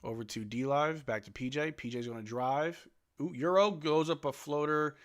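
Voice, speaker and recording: Young male stream host, bright clear voice, loose fan play-by-play, shrugging and resigned. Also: fairly high pitch, moderate pace. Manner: laid-back, resigned, swears then apologizes. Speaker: live stream watch-along host. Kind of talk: casual fan play-by-play commentary.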